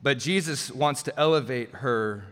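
A man's voice: mid-range voice, measured pace, fairly bright tone. Conversational man preaching in a reverberant hall. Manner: conversational, acts out quoted voices. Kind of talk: sermon.

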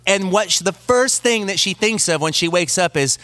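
A man in his thirties with a fairly high voice, preaching a sermon. His sound is dry and close, with no room around it, and he talks to his congregation like he's telling a family story. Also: expressive, a bit bright, dry recording. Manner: reads scripture slowly, then tells a family story conversationally. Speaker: pastor.

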